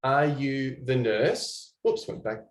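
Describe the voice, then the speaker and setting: A man giving an online training presentation, animated and chatty, talking to viewers in the chat. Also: mid-range voice, slow pace, echoey room.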